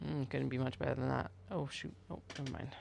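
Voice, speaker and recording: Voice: mid-range voice, little pitch movement, fast, creaky, darkish tone, slight background noise. A craft maker chatting casually on a livestream, muttering to themself and counting pieces aloud while working.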